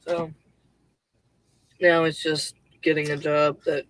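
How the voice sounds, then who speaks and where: A woman's voice: low-pitched, normal speed, fairly bright tone, no echo, low-quality recording. A woman hosting a casual livestream from her home computer on a headset, rambling loosely with lots of fillers and the odd swear word. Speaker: livestream host and writer.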